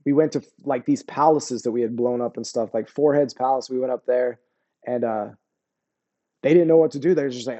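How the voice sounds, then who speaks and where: Speaking briskly in a warm, medium-pitched voice, a middle-aged army veteran from the United States shares war stories during a casual interview. He's relaxed and full of slang, dropping "bro" and "you know what I mean" often.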